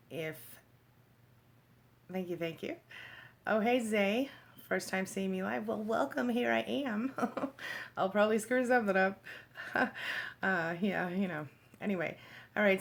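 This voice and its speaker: A woman's voice: mid-range voice, creaky. A woman hosting a casual livestream from her phone, chatting with viewers, greeting them by name and reading their comments aloud. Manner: laughs easily, talks in quick bursts. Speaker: livestream host. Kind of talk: casual live chat with viewers.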